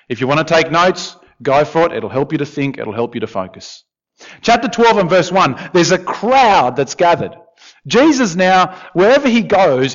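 A man preaching a sermon in a conversational, animated way, with asides to the congregation. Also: a little high. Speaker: pastor. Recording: dull, lo-fi sound.

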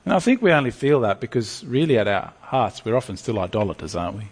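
A man preaching a sermon to a congregation, lively and animated, often stumbling over restarts. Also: mid-range voice, fast talker, breathy edge, in a large hall.

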